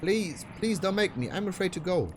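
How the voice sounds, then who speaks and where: A man's voice: expressive, moderate pace, a little hiss or hum. A man doing a scared teen girl idol. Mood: pleading. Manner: high pleading voice. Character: frightened teenage girl idol, pleading.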